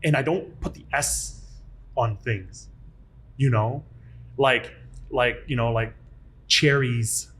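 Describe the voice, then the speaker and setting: A man in his thirties hosting a podcast, telling stories in a lively, self-deprecating way. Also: medium pitch, takes it slowly, long pauses, slight background noise. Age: 30s. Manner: animated, self-deprecating storyteller. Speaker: podcast host. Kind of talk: casual chat.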